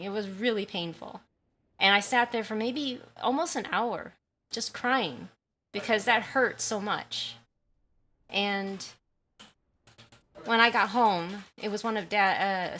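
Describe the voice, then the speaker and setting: A woman talking on a livestream from her home, with a bright, clear voice. She tells her story in a loose, chatty way and keeps breaking off to read viewer messages aloud. She apologizes often as she goes. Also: medium pitch, slight background noise. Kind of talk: casual storytelling and chat reading. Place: at home by a window.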